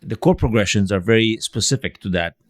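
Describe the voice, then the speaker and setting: A man's voice: on the low side, fairly quick, no echo, clean studio sound. A man hosting a podcast interview, asking rambling questions full of restarts and fillers. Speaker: podcast host.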